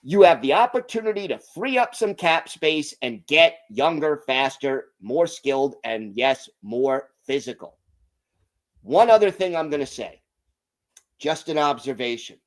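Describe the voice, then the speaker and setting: A male podcast host breaks down hockey news in an emphatic, deliberate way. His voice sits a little high, and he talks at an unhurried pace. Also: expressive. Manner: emphatic, deliberate opinion talk.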